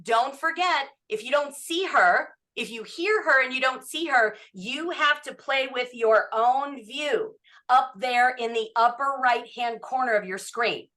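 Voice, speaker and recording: A woman's voice: on the high side, a bit bright. A woman hosting an online club meeting over a video call, chatty and affectionate, with plenty of fillers. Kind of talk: warm emcee introduction.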